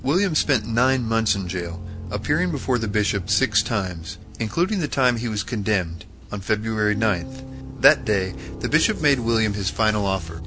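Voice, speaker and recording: Low earnest male narrator, faint guitar. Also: sing-song, sharp tone. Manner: earnest, measured reading. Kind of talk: scripted narration of martyr stories. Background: faint guitar music.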